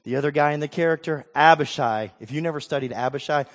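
A man preaching a sermon as pastor, emphatic, swinging from quiet, low passages to loud, rousing calls. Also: quick pace, big-room sound.

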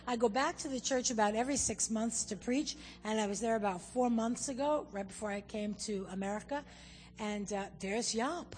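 A woman's voice: on the high side, slight background noise. A woman guest preacher giving a sermon and telling stories, acting out what people and God said. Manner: animated storyteller, acts out quotes. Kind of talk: sermon with storytelling. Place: church. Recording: long hall reverb.

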